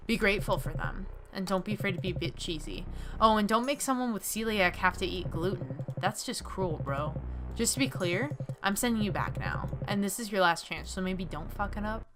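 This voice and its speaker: A woman's voice: medium pitch, a little fast, noisy background, lightly acted. A woman reading as a smug immortal pizza spirit. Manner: boastful, blunt, slangy. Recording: music playing underneath.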